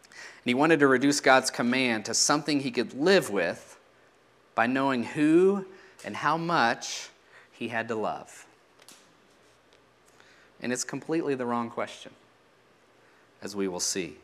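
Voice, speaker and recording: A man's voice: mid-range voice, animated, measured pace, pauses often, fairly bright tone. A man preaching a sermon in a teaching manner, asking rhetorical questions and letting his voice drop at the ends of phrases.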